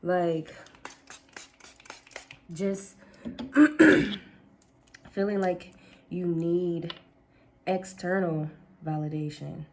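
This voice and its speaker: Getting ready at home, first in the kitchen and then upstairs, the woman chats casually with viewers, calls them "girl," and laughs often. Her fairly low, mellow voice has little pitch movement, with drawn-out words and frequent pauses over slight background noise.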